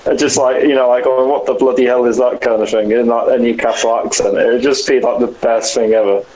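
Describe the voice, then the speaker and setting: A British man co-hosting a wrestling podcast in casual chat, enthusiastic and quick to laugh. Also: mid-range voice, steady tone, darkish tone, echoey room, a little hiss or hum, rough recording. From United Kingdom. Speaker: podcast co-host.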